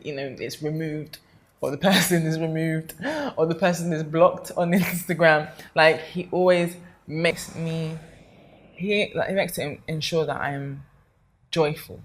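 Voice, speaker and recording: A woman's voice: low voice, steady tone, a little slow, soft background music. A young woman talking casually to camera, chatty and affectionate, rambling with lots of fillers. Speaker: vlogger.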